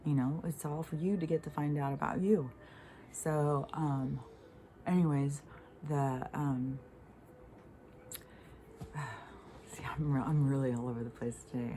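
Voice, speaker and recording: A woman's voice: rumbling low, warm tone, a little hiss or hum, low-quality recording. A middle-aged woman from the United States ranting to camera in a frustrated, rambling way, swearing often and using many fillers. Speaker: spiritual vlogger. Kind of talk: unscripted rant to camera.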